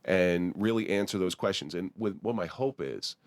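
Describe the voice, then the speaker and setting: A man's voice: low-pitched, animated, normal speed, dry recording. A man hosting a podcast interview, curious and rambling, often restarting his sentences. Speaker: podcast host. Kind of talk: casual interview.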